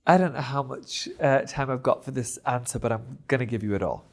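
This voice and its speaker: An animated man talks as a guest in a relaxed interview. He tells his stories expressively and often laughs along the way, and his voice sits at a middling pitch. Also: brisk, vocal fry. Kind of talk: casual interview chat.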